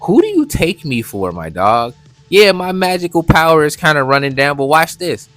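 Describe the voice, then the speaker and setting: A man's voice: a little high, very animated, moderate pace, a bit bright, dry recording, faint music behind, voice pushed up. A man voicing a cocky young male hunter hero who talks in swaggering slang.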